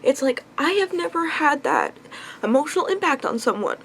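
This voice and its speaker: A woman's voice: sits high, big pitch swings, normal speed, a bit bright. Upset young woman venting with sighs. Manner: venting, frustrated, sighing often. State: upset, on the verge of tears. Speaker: vlogger. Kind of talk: emotional confessional vlog.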